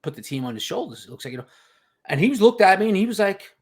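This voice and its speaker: A man's voice: high-pitched, big pitch swings, quick pace. A man, a guest insider on a sports podcast, talking emphatically and telling stories with lots of "you know" and "okay". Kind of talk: casual sports podcast chat.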